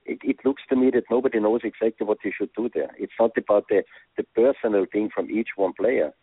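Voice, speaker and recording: A former soccer coach being interviewed over the phone, speaking earnest English with non-native phrasing. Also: male voice, lowish voice, steady tone, fast, breathy edge, no room sound. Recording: tinny phone line.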